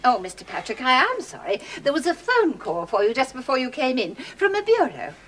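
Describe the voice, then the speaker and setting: Nanny: chatty housekeeper, high and bright. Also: female voice, huge pitch swings, a little fast, slight background noise, exaggerated voice.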